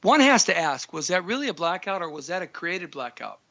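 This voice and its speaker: High-voiced ranting male talk host. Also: big pitch swings, a little fast, bright, forceful tone, highs cut off. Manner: ranting, frustrated. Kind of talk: ranting live talk show monologue.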